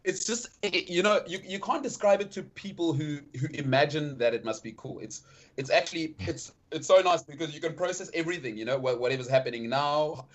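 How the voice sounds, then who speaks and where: A South African man talking as a podcast guest in casual chat, relaxed and repeating words as he thinks. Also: on the high side, fairly quick.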